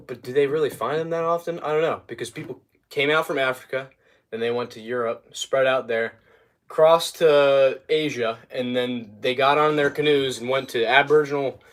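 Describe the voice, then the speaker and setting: A man's voice: medium pitch, a little hiss or hum. A young man chatting casually on a livestream while working, rambling and easily sidetracked as he talks to his viewers. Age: young adult.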